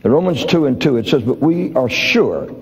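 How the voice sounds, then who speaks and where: A man's voice: sing-song, moderate pace, a little mellow. An older man preaching a sermon, acting out conversations as he tells stories. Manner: storytelling, acts out dialogues with shifts in pitch. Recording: dull lo-fi audio in a reverberant hall.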